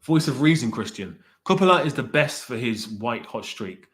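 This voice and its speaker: A man's voice: mid-range voice, sing-song, moderate pace. Rambling man chatting to a stream. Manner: rambling, self-correcting, exasperated with chat. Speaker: streamer ranking directors with live chat. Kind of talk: casual livestream chat.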